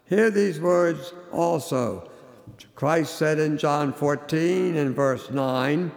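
Slow, gravelly-voiced male preacher. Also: on the high side, darkish tone. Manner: slow, emphatic, dramatic delivery. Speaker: radio preacher. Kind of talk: sermon with storytelling. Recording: long hall reverb.

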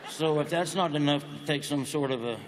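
A man's voice: on the high side, a little fast. Joking folksy man in a big reverberant hall. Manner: folksy, deadpan jokes. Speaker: comedian interview guest. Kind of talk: joking interview talk. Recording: long reverb of a large hall.

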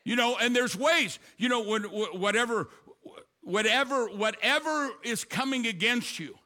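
High bright preaching older man. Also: a little slow. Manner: storytelling preacher, rising to shouts. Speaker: pastor. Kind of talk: sermon.

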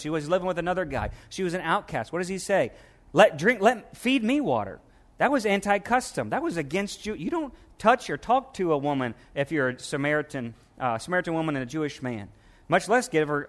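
A middle-aged male pastor preaching a sermon in a conversational way, asking rhetorical questions and acting out quotes. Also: fairly high pitch.

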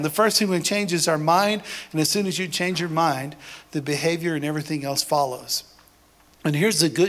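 A man's voice: a little high, a bit bright. A man preaching a sermon in a conversational style, joking with the congregation and building to emphatic declarations. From Texas. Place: church service before a congregation.

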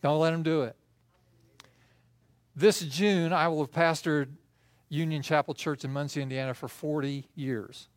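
An older man preaching a sermon as pastor, telling stories with swings between soft and loud. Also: fairly high pitch, fairly even intonation, a little slow, pauses often, dry recording.

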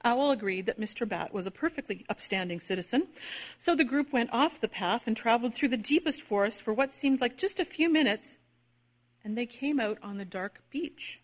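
Gentle woman reading a story aloud. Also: a little high, lively intonation, normal speed. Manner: gentle, soothing narration with voiced characters. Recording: dull lo-fi recording.

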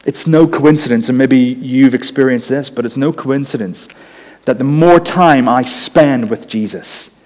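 A man with a softened Northern Irish accent preaching a sermon in a conversational way, with humorous asides. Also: medium pitch, unhurried, big-room sound. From Northern Ireland.

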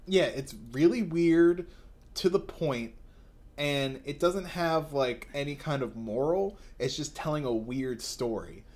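Laid-back male co-host, unhurried delivery, slightly raised pitch, chuckles often. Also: a little mellow. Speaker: podcast co-host. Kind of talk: casual chat about manga.

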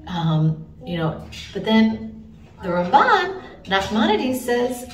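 A woman giving a recorded Bible teaching, earnest and expressive as she retells the story. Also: on the high side, takes it slowly, roomy sound, far from the mic.

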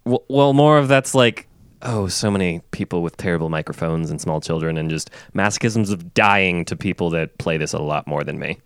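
A man's voice: low voice, moderate pace, smooth, no room sound. A man co-hosting a podcast, rambling through casual stories with frequent restarts. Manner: rambling, stumbles over words. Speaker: podcast co-host. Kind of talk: casual chat.

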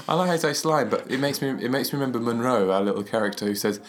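A man co-hosting a podcast, teasing his partner in lively, laughing casual chat. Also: mid-range voice, fast. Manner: teasing, animated, bursts of laughter. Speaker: podcast co-host.

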